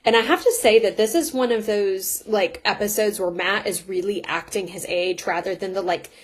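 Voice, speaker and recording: A woman's voice: medium pitch, moderate pace. Chatty woman podcast co-host. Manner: chatty and opinionated, with frequent "like". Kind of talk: casual chat.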